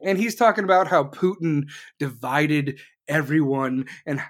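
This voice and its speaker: A commentator delivering an angry, sarcastic political rant full of swearing, speeding up in bursts and slowing down to hit a point. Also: mid-range voice. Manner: jumps between fast bursts and slow emphasis.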